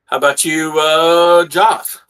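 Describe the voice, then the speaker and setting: A man serves as game master at a tabletop session. His voice sits a little high, and he talks in a loose, halting way, full of "uh" and restarts. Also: level tone, a bit bright. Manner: casual, halting, many fillers.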